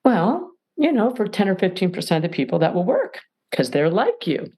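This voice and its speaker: Animated, lively middle-aged woman mediator. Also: lowish voice, normal speed. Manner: lively, emphatic, acts out little scenes. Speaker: mediator and podcast guest. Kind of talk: animated advice talk.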